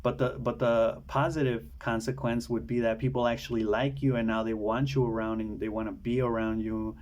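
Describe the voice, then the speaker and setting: Rambling man, casual monologue, fillers, repeated words, average pitch. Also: flat delivery, a little mellow. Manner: mimics people from a film in quick put-on voices. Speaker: video essayist.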